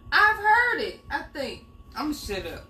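Bright-voiced chatty woman, echoey room. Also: high voice, huge pitch swings, measured pace. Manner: chatty, teasing, reads out viewer comments with laughs. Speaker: co-host of a live cooking show. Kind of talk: casual live-stream chat. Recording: echoey room with background noise.

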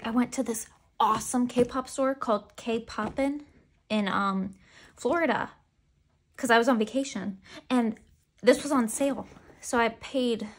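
A woman chatting casually as she unboxes merchandise, chatty and self-deprecating with giggly asides. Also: a little high. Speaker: unboxing vlogger.

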